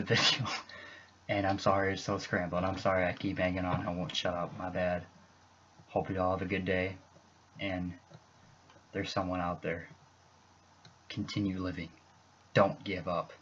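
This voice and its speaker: A young man speaks in a low, flat voice in an emotional personal vlog. He rambles earnestly and halts often, restarting his sentences. The recording sounds dull and lo-fi, with a faint hiss underneath. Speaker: YouTuber.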